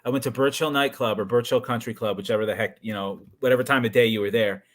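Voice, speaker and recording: A man co-hosts a casual web talk show, his voice at an average pitch. He sounds eager and chatty, jumping in with his own stories. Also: steady tone, fast talker. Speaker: co-host.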